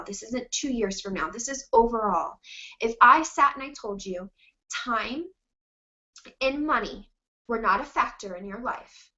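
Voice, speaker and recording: A woman gives a motivational talk, earnest and encouraging, her voice sitting slightly high. She holds back tears as she speaks. The recording sounds dull and lo-fi. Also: pushed and bright.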